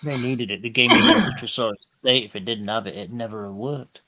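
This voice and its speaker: A man's voice: mid-range voice, lively intonation, brisk, sharp tone. A man in casual chat giving matter-of-fact opinions.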